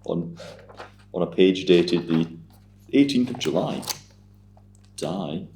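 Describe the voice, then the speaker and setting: Deep gravelly Scottish man, sweary host. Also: slow pace, warm tone. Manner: sweary, teasing, blunt. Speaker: podcast host. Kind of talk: casual chat. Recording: echoey room with a faint hum.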